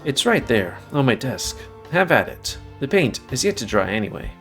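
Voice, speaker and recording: A man playing a kindly old grandfather and painter, formal and genteel, unhurried speech, mid-pitched voice, faint guitar music underneath. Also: sing-song, a bit bright. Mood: fond.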